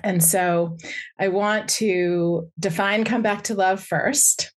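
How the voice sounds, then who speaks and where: A woman psychotherapist giving a talk, speaking in a reflective, gentle way with pauses and fillers. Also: medium pitch, fairly even intonation. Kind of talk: talk to a live audience.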